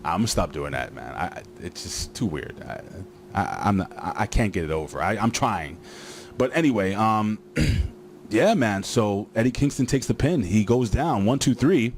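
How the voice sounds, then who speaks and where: A man's voice: on the low side, lively intonation, moderate pace, slight background noise. A man casually recapping a wrestling show, rambling with lots of fillers and joking asides.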